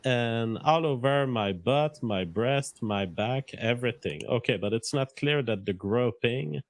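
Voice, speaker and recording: A man with a French accent slowly reading out and questioning a story in a played stream clip. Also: mid-range voice, lively intonation, no room sound. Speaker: commentator. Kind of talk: played clip of a livestream monologue.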